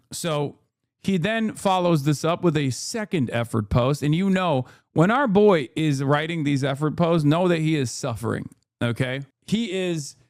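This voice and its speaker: A man's voice: a little high, no echo, studio quality. A man in his thirties streaming political commentary, sarcastic and profane, mocking as he reacts to the news.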